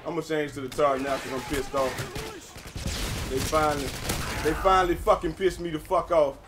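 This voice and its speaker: A young man giving casual, profane gameplay commentary with a friend, excitable and breaking into sudden yells. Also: on the high side, normal speed, background noise. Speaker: gamer playing with a friend. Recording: game gunfire and explosions loud behind voice.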